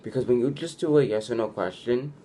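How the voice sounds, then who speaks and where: A mellow, mid-range male voice moves along fairly quickly as a young vlogger chats with his viewers and gives advice. He says "like" a lot, restarts his sentences, and acts out quoted lines, against slight background noise.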